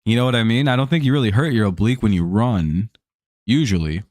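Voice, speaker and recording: A man's voice: fairly low pitch, fast talker, a little mellow, no room sound. A man hosting a live stream, chatting casually over a baseball game, laid-back and joking, with casual swearing.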